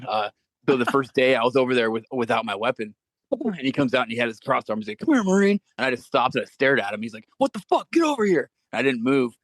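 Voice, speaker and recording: A man talks at a fast clip, telling profane anecdotes as a podcast guest. His voice is recorded close, with a dry sound and no room. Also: medium pitch, fairly bright tone, no room sound. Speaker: guest, former Marine. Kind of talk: casual storytelling.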